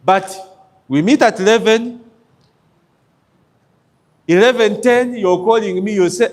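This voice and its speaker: A man's voice: high voice, unhurried, pauses often. A man giving a motivational business talk to an audience, emphatic and checking in with his listeners. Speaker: business coach.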